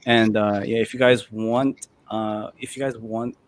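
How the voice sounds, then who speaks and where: A man's voice: lowish voice, level tone. A man hosting a model-building stream, talking in a casual, rambling way with frequent restarts. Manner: rambling, halting, many restarts. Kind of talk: casual chat.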